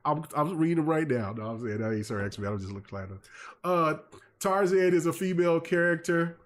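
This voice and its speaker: A man hosting a gaming podcast, telling stories in a lively, rambling way full of fillers and restarts. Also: a little high, brisk. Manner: animated storyteller, many fillers and restarts. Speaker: podcast host. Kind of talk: casual chat.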